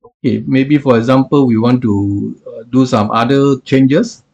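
Gravelly man with a husky voice, halting. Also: medium pitch, fairly even intonation, a little mellow, lo-fi sound. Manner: hesitant, filler-heavy explaining. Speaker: software reviewer. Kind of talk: screen-recorded tutorial.

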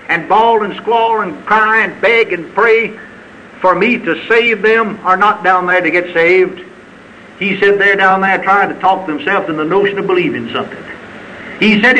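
Fervent high-voiced preacher on old tape. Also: male voice, dull audio. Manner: fervent, folksy preaching with sudden high shouts. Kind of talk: sermon. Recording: archival sermon tape with faint hiss.

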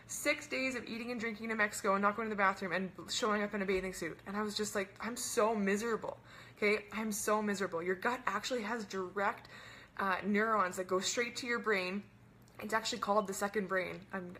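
A young woman hosting a webinar as a wellness coach, talking fast and bubbly in a casual chat full of "like" and "right?". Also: medium pitch, fairly even intonation, sharp tone, slight background noise.

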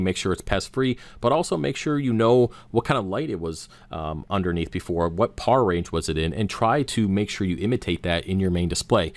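Low-voiced man giving reef tank tips. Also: no echo. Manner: relaxed, self-correcting, frequent "uh" and "um". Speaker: aquarium channel host. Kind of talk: casual how-to talk to camera.

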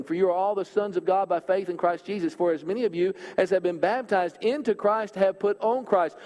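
A male preacher giving a sermon in a church, earnest, speeding up and swelling through scripture readings and dropping low and soft on key points. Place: church auditorium. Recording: hall reverb.

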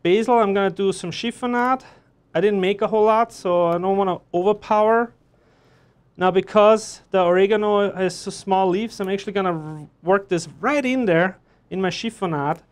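A man's voice: sits high, moderate pace, clean tone. A man chef teaching a live online cooking class, chatty and joking as he explains each step while he works in a kitchen. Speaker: chef instructor.

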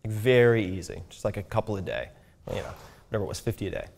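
A man's voice: lowish voice, quick pace, gravelly, a little mellow. Casual man explaining language learning. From United States. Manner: conversational, frequent "right?" check-ins. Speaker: speaker teaching language learning.

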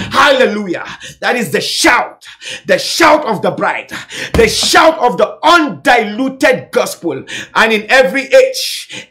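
A male evangelist preaching a sermon fervently, building to shouted, repeated calls. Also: high voice.

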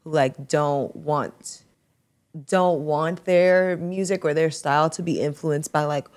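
A woman co-hosting a studio podcast, asking relaxed questions and steering the chat. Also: sits low, slow. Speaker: podcast co-host. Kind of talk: casual interview questions.

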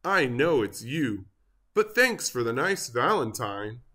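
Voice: mid-range voice, very animated, takes it slowly, pushed and bright, slightly rough, full character voice. A storybook reader voicing a kind, easygoing male farm horse. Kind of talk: storybook read-aloud.

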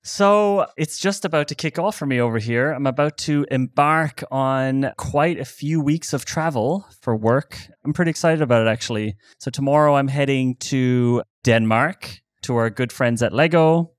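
A man's voice: mid-range voice, normal speed, hardly any pauses, dry recording, studio quality. An Irish man co-hosting a podcast, chatting casually in an upbeat, joking way. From Ireland. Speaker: podcast co-host.

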